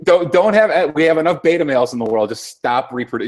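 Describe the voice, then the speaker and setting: A man's voice: a little high, expressive, fast talker. A man in casual political talk-show chat, rambling and sarcastic, swearing often.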